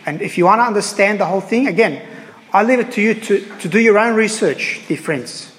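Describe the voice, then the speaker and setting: A man preaching a sermon as a priest, earnest and halting, repeating phrases and pausing on fillers. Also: sits high, animated, fairly bright tone, in a large hall, a little hiss or hum, low-quality recording.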